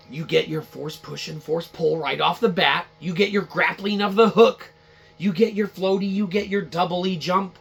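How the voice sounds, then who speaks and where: A man's voice: fairly high pitch, gravelly, a bit bright, slight background noise. A man hosting a podcast, ranting casually about a video game in a rambling, profane, repetitive way. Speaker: podcast host. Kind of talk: casual game-review rant.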